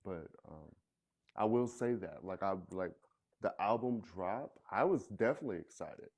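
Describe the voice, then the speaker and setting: A man's voice: fairly low pitch, expressive, moderate pace, a little mellow. A man who is a musician, talking in a laid-back, joking way on a podcast and trailing off now and then. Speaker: musician guest. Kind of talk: casual chat.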